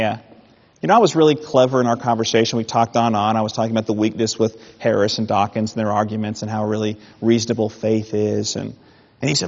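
Male preacher, gravelly husky voice, long hall reverb, muffled sound. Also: on the low side. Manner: animated, mock-indignant asides. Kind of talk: sermon.

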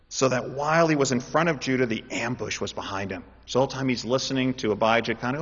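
A man preaching a sermon in an animated way, building up to loud, emphatic calls. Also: medium pitch, a little fast. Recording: dull sound with long hall reverb.

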